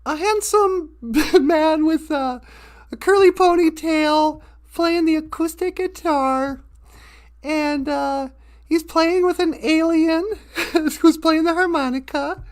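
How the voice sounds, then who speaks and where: A woman telling a children's story casually, loosely and with chuckles, plenty of "uh"s. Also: sits high. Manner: loose, chuckling, with frequent fillers.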